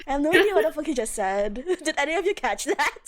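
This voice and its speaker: A woman streaming a game live, excitable, giggly and crude in her chat. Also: high voice, fast talker.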